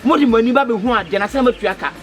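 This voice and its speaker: High-voiced pleading Ghanaian man. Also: very fast, fairly bright tone, slight background noise. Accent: Ghanaian Twi. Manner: pleading, stammering repetitions. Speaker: comedy skit actor, fake motor rider. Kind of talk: Ghanaian comedy skit dialogue.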